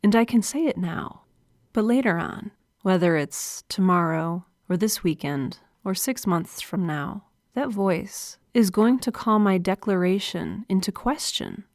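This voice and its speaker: A woman's voice: medium pitch, animated, a little slow, darkish tone, no echo. A woman hosting a solo podcast, talking in an earnest, confiding way with a smile in her voice, close to a microphone. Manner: earnest, confiding, smiling delivery. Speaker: podcast host. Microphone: studio microphone.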